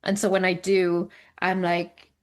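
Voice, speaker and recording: A woman's voice: lowish voice, measured pace. A woman co-hosting a podcast, telling stories in casual chat and laughing often, with a light English accent. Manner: laughs often, animated storytelling. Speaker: podcast co-host.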